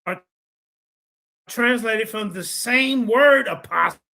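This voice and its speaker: Combative bright-voiced male streamer. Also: sits high, takes it slowly, gravelly. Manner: combative, repeats phrases while reading out sources. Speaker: streamer host. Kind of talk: livestream debate rebuttal.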